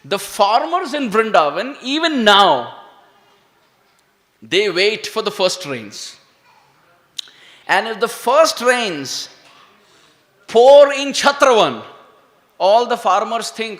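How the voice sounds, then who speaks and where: Man, devotional storytelling, animated, ringing hall echo. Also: sits high, slow pace, pauses often. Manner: animated, call-and-response with audience. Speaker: devotional speaker. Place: temple hall. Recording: echoey hall.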